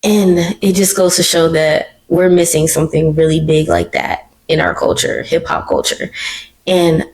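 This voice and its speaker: A woman hosting her own podcast, talking alone in an animated, emotional and slangy way. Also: deep voice, moderate pace, rough recording. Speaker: podcast host. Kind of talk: casual solo commentary. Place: living room.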